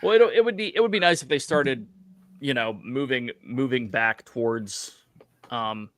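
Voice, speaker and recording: A man with a bright, forceful voice, talking casually on a podcast, recorded dry with no room sound. He gives firm opinions and often trips over the first words of a sentence. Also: medium pitch, expressive, moderate pace, no echo. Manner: opinionated, stammers when starting a thought. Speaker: podcast co-host. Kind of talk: casual chat.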